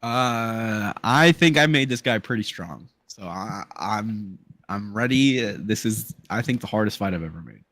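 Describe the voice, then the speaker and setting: A man narrating a tabletop game as game master, casual and halting with fillers. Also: fairly low pitch, lively intonation, fairly bright tone, no room sound.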